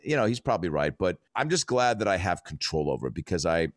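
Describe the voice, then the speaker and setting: A man with a very low, deep voice telling loose, rambling stories with a comedian's timing. He swears freely and sounds laid-back. The sound is dry and close. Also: big pitch swings, quick pace, dry recording. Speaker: comedian guest. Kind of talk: casual storytelling.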